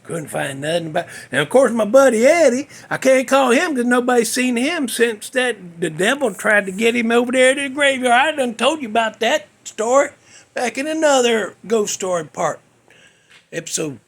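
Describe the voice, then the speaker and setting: A man's voice: extremely high pitch, animated, normal speed, fairly bright tone. A male podcast host telling a story in a casual, folksy, rambling way, cussing freely.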